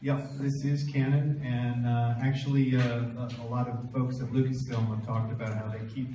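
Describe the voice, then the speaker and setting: A man co-author at a live panel, answering the crowd in an unhurried way and pausing to find his words. His tone is mellow and dark. The sound is very echoey, with a faint hiss behind it. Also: mid-range voice, little pitch movement. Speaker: book co-author answering audience questions. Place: large event room with an audience. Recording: echoey room, distant mic, faint noise.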